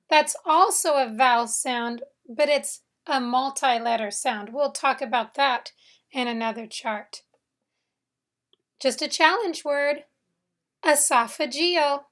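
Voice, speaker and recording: Slow, bright-voiced woman teaching phonics. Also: sits high. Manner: stretches out sounds and repeats words for learners to echo. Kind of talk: slow, deliberate phonics lesson.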